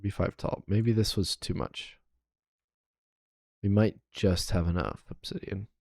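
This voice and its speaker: Low-voiced man muttering through a game stream. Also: fairly even intonation, measured pace, gravelly, a little mellow. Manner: mutters and counts to himself while building. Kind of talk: casual gameplay commentary.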